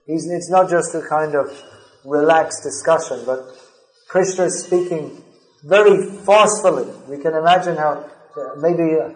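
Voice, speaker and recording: A man with a somewhat high voice gives a scripture class lecture. He speaks earnestly and leans into emphatic stress. The sound rings around an echoey room. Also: moderate pace, darkish tone. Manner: recites verses in a chanting cadence. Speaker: spiritual lecturer.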